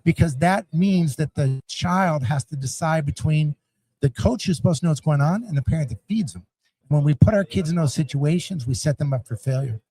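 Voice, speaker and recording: Animated mellow-voiced middle-aged man. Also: on the high side, a little fast, slightly rough, dry recording. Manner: animated storyteller, acts out yelling parents and scats rhythms. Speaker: youth sports league founder, guest. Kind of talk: conversational podcast interview.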